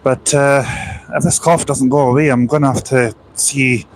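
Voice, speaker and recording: A man's voice: mid-range voice, steady tone, moderate pace, a little hiss or hum. A man with a sore throat chatting casually on a phone live stream outdoors by a bus station, rambling and reading out viewer comments.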